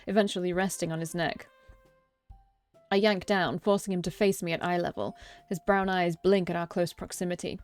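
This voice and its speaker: A young woman reading a visual novel aloud as its narrator, often breaking off into joking, cursing asides and self-corrections. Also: on the low side. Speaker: let's play streamer.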